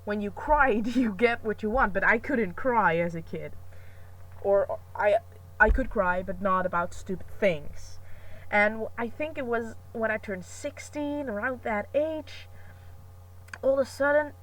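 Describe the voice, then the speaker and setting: A woman's voice: fairly high pitch, measured pace, recorded from a distance, rough recording. A young woman vlogging in a rambling, chatty, self-mocking way, with many fillers and restarts. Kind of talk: casual chat.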